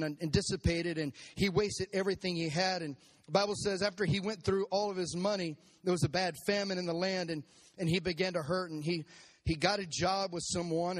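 A male pastor giving a sermon at a church service, animated and prompting his congregation to repeat lines back to him. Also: high-pitched. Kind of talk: sermon with congregation call-and-response.

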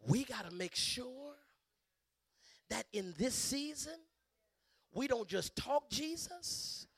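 A middle-aged man preaches as a bishop in a high, gravelly voice. His sound is dry and close, with no room around it. He builds into loud, fervent peaks and stumbles through repeated restarts. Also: expressive, takes it slowly, long pauses, no echo. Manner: impassioned, surging to loud emphatic peaks; stammering restarts and repeated words. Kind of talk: sermon.

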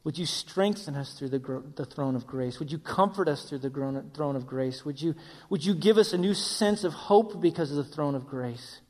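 A man's voice: fairly high pitch, moderate pace, a little mellow. A man preaching a sermon as pastor, voicing his listeners' questions and closing in prayer. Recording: long reverb of a hall.

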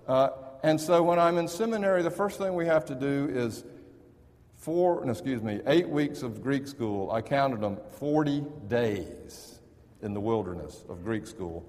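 A man's voice: mid-range voice, darkish tone. Man preaching in an echoing hall. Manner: storytelling, conversational with restarts. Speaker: pastor. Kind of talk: sermon. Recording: reverberant hall.

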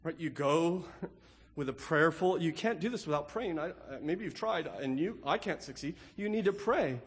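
A man's voice: on the high side, expressive, normal speed. A middle-aged male pastor preaching an emphatic sermon, often asking "right?" as he makes his points. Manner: emphatic, rhetorical, with repeated "right?". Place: church sanctuary. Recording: long hall reverb.

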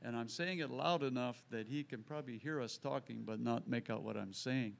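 A man's voice: medium pitch, fairly quick, gravelly. A man who works as a contractor, telling a faith story to a church group and acting out the people in it. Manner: lively storyteller, acts out quoted voices. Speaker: contractor sharing a testimony. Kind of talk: storytelling testimony.

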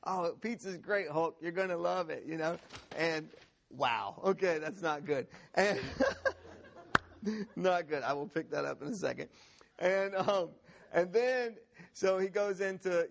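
A man pastor giving a sermon in a church, telling a funny story with an animated, laughing manner and lots of restarts. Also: on the high side.

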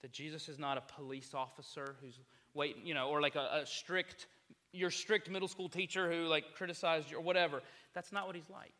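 Impassioned preacher in an echoey hall. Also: male voice, a little high, fairly even intonation, brisk, sharp tone. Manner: impassioned, full of rhetorical questions. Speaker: pastor. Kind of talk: sermon.

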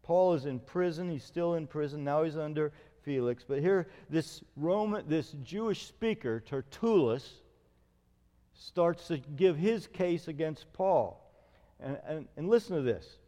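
A middle-aged man preaching a sermon as a pastor, telling stories with lively acted-out quotes. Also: on the high side, a little slow, long reverb tail. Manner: storytelling, animated retelling with acted quotes.

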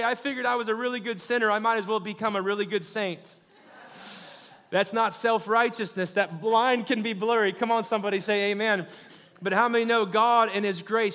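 High-voiced preacher in a reverberant hall. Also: male voice. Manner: call-and-response, rising to fervent shouting. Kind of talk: sermon.

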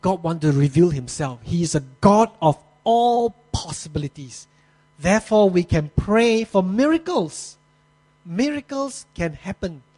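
A man with a high voice preaches a sermon and tells the story slowly, stopping for effect. His grammar slips here and there. A faint mains hum sits under the recording. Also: lively intonation, warm tone, poor audio. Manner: storytelling with dramatic pauses, non-native grammar slips.

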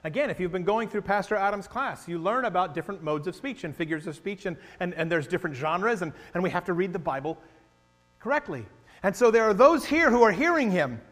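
A man preaches to his congregation in a church sanctuary, his voice sitting high for a man. He swings between loud, emphatic declarations and hushed, confiding asides. The sound carries the long reverb of a large hall, with a faint electrical hum underneath. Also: expressive, fairly quick, soft background music. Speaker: pastor. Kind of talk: sermon.

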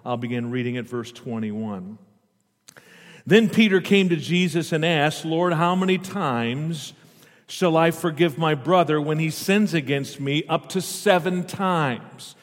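Man preaching, fairly high voice, reads scripture and explains it, long hall reverb. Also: measured pace. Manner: reads scripture aloud and stops often to explain it; asks the congregation questions. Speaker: pastor. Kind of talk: sermon.

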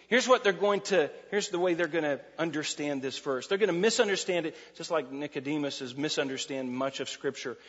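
A man preaching a sermon, emphatic and repetitive, shifting from loud to quiet. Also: high-pitched, breathy edge. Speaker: pastor. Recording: muffled hall recording.

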